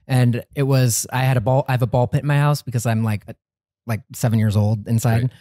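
A man's voice: medium pitch, little pitch movement, brisk, dark tone, no room sound. Easygoing male podcast guest, dry sound. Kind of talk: casual interview chat.

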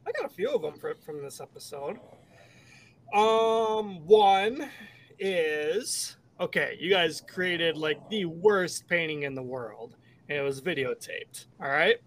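A man's voice: a little high, slow, a bit bright. A man co-hosting a podcast, playfully running a would-you-rather game. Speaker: podcast co-host, game segment host. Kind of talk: casual chat.

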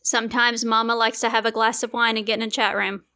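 Bright-voiced bubbly woman co-host. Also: on the high side, little pitch movement, quick pace. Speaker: comedy podcast co-host. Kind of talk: improvised comedy banter.

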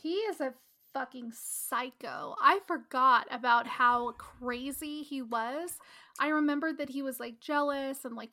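A woman's voice: sits high, sharp tone. A woman hosting a podcast, chatting casually and outspokenly with many "like"s. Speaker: podcast host. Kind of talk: casual chat.

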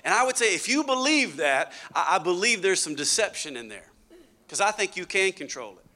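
A male pastor preaching a sermon, swinging between loud bursts and hushed asides. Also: high voice, big pitch swings, fairly quick.

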